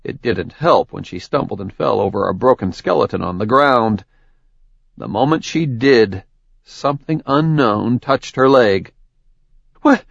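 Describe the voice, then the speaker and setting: Male audiobook narrator, gravelly and unhurried, dull dry sound. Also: mid-range voice, animated, no echo. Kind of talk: scripted narration.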